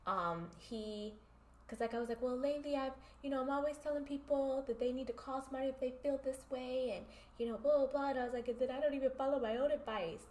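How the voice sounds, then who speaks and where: A woman's voice: high-pitched, fast, darkish tone, a little hiss or hum. Chatty podcast woman, roomy sound. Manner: storytelling, acts out both sides of conversations. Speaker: podcast co-host. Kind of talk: casual chat. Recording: echoey room.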